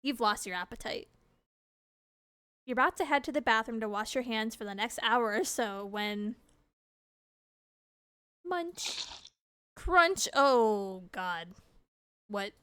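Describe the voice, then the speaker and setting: A woman's voice: fairly high pitch, a little slow, long pauses, a bit bright, smooth, no room sound. A woman streamer reading a game's text aloud, laughing and reacting with disgust between lines.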